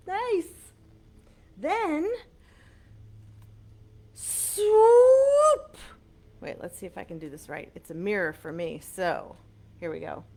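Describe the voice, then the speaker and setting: A woman librarian reading a picture book aloud to small children, animated and coaxing, asking them questions, recorded on a webcam. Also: on the low side, moderate pace, creaky. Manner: animated, sing-song, coaxing questions to kids.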